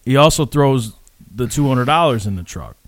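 A man's voice: medium pitch, moderate pace, no echo, clean studio sound. A man telling a rambling, profane story in casual chat with friends, acting out the people in it. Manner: profane, rambling, animated retelling.

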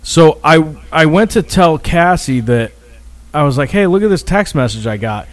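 A man in casual chat telling a winding story, his voice sitting a bit high for a man. He keeps restarting sentences and swears freely. The sound is dry and close, with little room in it. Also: lively intonation, normal speed, dry recording.

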